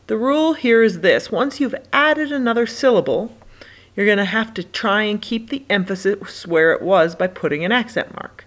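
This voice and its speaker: A woman's voice: medium pitch, lively intonation, normal speed. A young adult woman teaching Spanish verb commands in a chatty, upbeat way, switching between explanation and short drills. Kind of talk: recorded classroom lesson.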